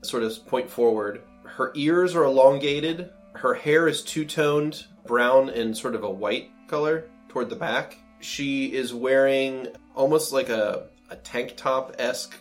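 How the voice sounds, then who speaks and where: A man's voice: mid-range voice, measured pace, few pauses, faint music behind. Casual man narrating as game master. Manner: loose, filler-heavy description.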